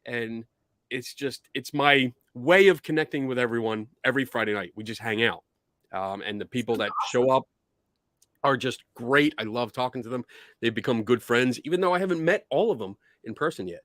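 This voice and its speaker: A man with a Philadelphia accent hosting a casual live-stream chat, excitable, laughing often and swearing casually. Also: medium pitch, normal speed, no room sound, studio quality. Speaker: host.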